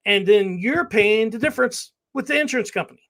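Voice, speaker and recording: A man's voice: sits high, animated, brisk, a bit bright. A man hosting a casual chat, laughing often and hesitating with fillers as he explains.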